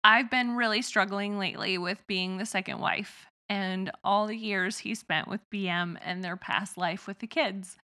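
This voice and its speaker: A woman in her thirties from the rural Midwest of the United States co-hosts a casual podcast, speaking with a slight twang and laughing often. Her medium-pitched voice is steady and sharp, at normal speed with hardly any pauses.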